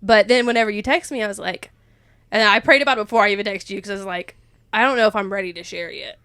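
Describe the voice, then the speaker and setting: A woman's voice: mid-range voice, quick pace, a bit bright, clear, resonant tone, no echo. A young woman, rambling and emotional as she opens up in a casual faith chat, laughing often. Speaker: podcast co-host.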